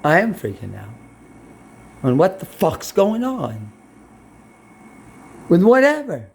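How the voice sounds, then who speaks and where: A man's voice: sits high, huge pitch swings, slow, creaky, a little mellow, breathy edge. A man from Brooklyn, rambling and swearing bluntly as he talks to his camera. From Brooklyn, New York. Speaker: vlogger.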